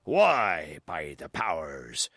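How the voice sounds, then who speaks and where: A man voicing a wily one-legged pirate cook with a bluff, gruff sailor's drawl. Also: rumbling low, huge pitch swings, drawn-out words, a bit bright, dry recording, studio quality, voice pushed down, heavily acted. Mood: hearty.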